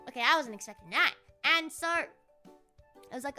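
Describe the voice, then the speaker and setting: A woman's voice: high voice, lively intonation, brisk, bright, forceful tone, soft background music. A woman streamer telling a story in a casual, rambling, profane way.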